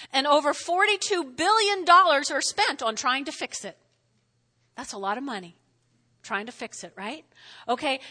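Woman pastor, high and bright, chatty animated preaching, big reverberant hall. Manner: animated, conversational preaching with repeated "okay?". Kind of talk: sermon.

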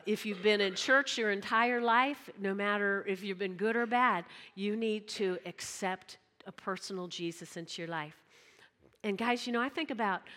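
Casting: female preacher, mid-pitched, chatty sermon that calls the room to respond, long hall reverb. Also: fairly bright tone. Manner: conversational, calls on the audience to respond.

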